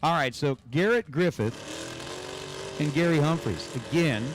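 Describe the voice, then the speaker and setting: On a livestream, a race announcer calls numbers for drag races and chats with viewers between runs. His voice is fairly high and animated, yet he speaks slowly. Background noise is audible.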